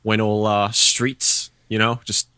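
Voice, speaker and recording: A man's voice: on the low side, flat delivery, takes it slowly, bright, forceful tone, smooth, no echo, clean studio sound. A man with a New Zealand accent, chatting casually as a podcast guest in a laid-back, rambling way. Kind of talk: casual chat.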